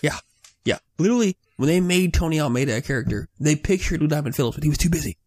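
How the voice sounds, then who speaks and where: Husky guy ranting sarcastic on a podcast, jumpy pitch, dry close sound. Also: fast talker. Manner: excitable, profane, sarcastic. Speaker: podcast co-host. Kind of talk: casual chat.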